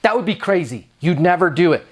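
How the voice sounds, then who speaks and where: A man, around his thirties, training property managers in a punchy, emphatic coaching style, acting out quick dialogue examples. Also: high voice, expressive. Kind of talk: energetic coaching talk to camera.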